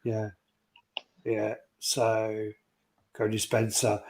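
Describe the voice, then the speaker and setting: A man's voice: lowish voice, monotone, drawn-out words, noisy background. A man hosting a casual collectibles livestream, telling stories with plenty of swearing and greeting chat viewers. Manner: swears a lot, tells stories, reads out chat names.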